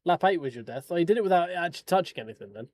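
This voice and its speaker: Joking man, fairly high voice. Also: lively intonation, very fast, a little mellow. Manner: joking, sweary banter with viewers. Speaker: sim racing streamer. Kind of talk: casual live-stream chat while reviewing race replays.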